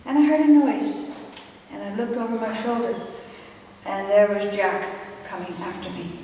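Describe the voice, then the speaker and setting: A woman's voice: medium pitch, warm tone. An older woman giving a dramatic personal storytelling speech at a club meeting, recorded from far off in an echoey hall with faint hiss. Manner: dramatic, measured pauses. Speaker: toastmasters speaker.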